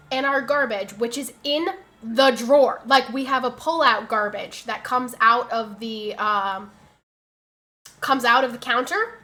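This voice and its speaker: A woman streamer talking casually at her desk mic, her voice bright and a little high. She tells stories in a chatty, exasperated way and answers her chat as she goes. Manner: chatty, exasperated storytelling, reads chat aloud.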